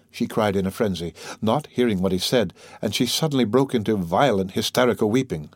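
A man's voice: on the low side, breathy edge, no room sound. Man narrating a classic novel. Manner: measured, steady storytelling. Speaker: audiobook narrator. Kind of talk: scripted literary narration.

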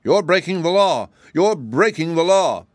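A man doing a squeaky, indignant little gardener. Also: animated, a little slow, no echo, studio quality. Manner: shrill, indignant, self-righteous. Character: squeaky, angry little male royal gardener. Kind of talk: audiobook character voice.

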